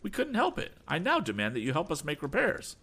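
A man voicing an angry rival agent, a blustering villain who shouts indignant threats. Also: fairly high pitch, huge pitch swings, a little fast, husky, voice pushed up, exaggerated voice.

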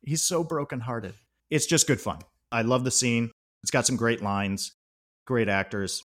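A man recapping a favorite comedy scene on a podcast, amused and laughing often as he goes. His voice sits at an ordinary middle pitch. The talk is loose and conversational. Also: measured pace, a bit bright. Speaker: podcast co-host. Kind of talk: casual movie discussion.

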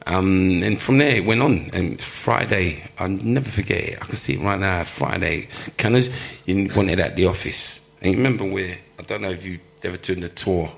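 A former footballer telling lively stories in an interview, laughing often and acting out the people he quotes. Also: sits low, normal speed, creaky, few pauses. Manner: animated storyteller, laughs often, acts out quoted voices. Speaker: former professional footballer, guest. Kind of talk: live storytelling interview.

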